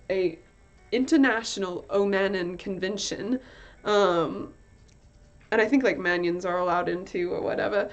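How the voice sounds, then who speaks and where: A woman's voice: medium pitch, darkish tone. A young woman chatting casually to her stream while she draws, rambling with lots of fillers and giggles. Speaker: art streamer. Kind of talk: casual chat while drawing. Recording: dull lo-fi stream audio with faint music.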